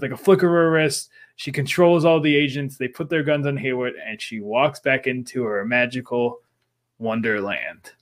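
Male podcast co-host, a touch high-pitched, eager and chatty as he theorizes. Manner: excited fan theorizing. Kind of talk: casual recap chat.

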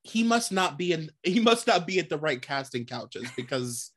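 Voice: medium pitch, sing-song, normal speed, a bit bright. A podcast co-host chatting casually, reading gossip items and laughing often. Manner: laughs often, loose and joking, swears casually.

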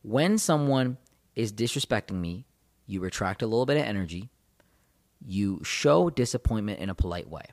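A man's voice: fairly low pitch, lively intonation, normal speed, a little mellow. A man giving motivational relationship advice straight to his viewers, emphatic and repeating his key points. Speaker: relationship coach. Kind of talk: motivational advice talk to camera.

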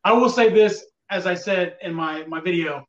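A high-pitched man talks football in a loose, rambling way, sounding put out by fickle fans. He sits back from the mic, and the recording is dull and lo-fi. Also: normal speed, recorded from a distance. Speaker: podcast co-host. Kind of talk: casual sports talk.

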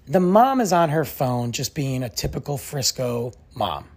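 A man's voice: mid-range voice, very animated, moderate pace, vocal fry, darkish tone. A young adult man, a podcast host telling a story in a casual, exasperated way and acting out the others' lines.

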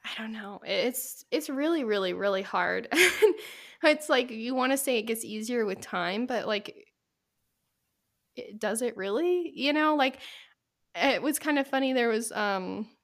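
A young woman chatting on her podcast while holding back tears. She rambles with many fillers and keeps apologizing. Her voice has a gravelly fry to it. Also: a little high, unhurried. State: tearful. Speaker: podcast host. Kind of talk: casual chat.

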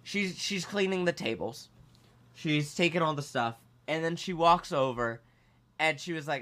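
A man co-hosting a podcast, telling a story in a casual, animated, self-mocking way. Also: fairly high pitch, measured pace. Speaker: podcast co-host.

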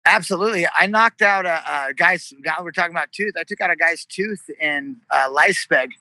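A man from San Jose, a touring musician, talking in a brash, animated way and swearing constantly. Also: sits high, a little fast, no echo, rough recording. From San Jose, California. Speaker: musician guest. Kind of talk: casual chat.

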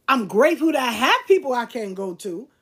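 Blunt, husky-voiced middle-aged woman. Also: a little high, very animated, a little fast, a bit bright. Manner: blunt, emphatic, swears freely; preachy, lecturing tone. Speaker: podcast host. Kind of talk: candid monologue to listeners.

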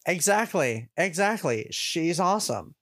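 A man's voice: fairly high pitch, sing-song, a little slow, fairly bright tone, no room sound, studio quality. A man hosting a podcast in casual chat, enthusiastic and steering the conversation. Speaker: podcast host.

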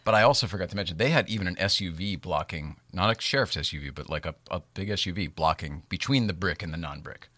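A man hosting a casual chat, telling a story in an animated way and laughing often. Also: low voice, fast, few pauses, no room sound. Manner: animated, laughs often, acts out voices in quotes.

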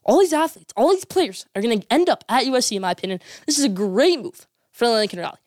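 A woman's voice: a little high, expressive, fast talker, a little mellow, no echo, clean studio sound. A woman giving opinionated college football commentary as a sports vlogger, emphatic and repeating her points for effect.

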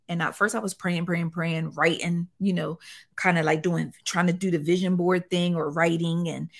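Expressive woman telling her story candidly. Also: lowish voice. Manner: expressive, animated, with colloquial phrasing. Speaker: guest.

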